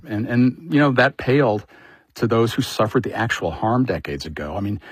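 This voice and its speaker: A politics editor talks through a radio interview in a conversational way, leaning on fillers. His voice is husky and the sound is close and dry. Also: medium pitch, normal speed, no echo.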